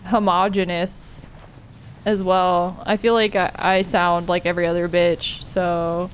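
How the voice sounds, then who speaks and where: A woman's voice: on the low side, flat delivery, measured pace, a little hiss or hum. Chatty Valley Girl woman streamer. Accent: Californian Valley Girl. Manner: fills speech with "like" and "oh my God", laughs often. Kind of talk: casual chat while gaming.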